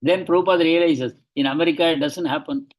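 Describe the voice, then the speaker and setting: A man leads a devotional class, reading passages from a biography and stopping often to explain them. His voice sits a little high and sounds husky and breathy. He talks earnestly, hesitating now and then before pushing his points home with urgency. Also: steady tone, quick pace, rough recording. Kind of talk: lecture reading aloud from a biography with commentary.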